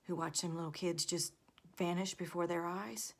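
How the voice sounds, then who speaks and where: Woman, low voice, monotone, earnest, hushed and preachy. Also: moderate pace. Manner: earnest, preachy, often half-whispered. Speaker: vlogger. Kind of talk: religious warning monologue.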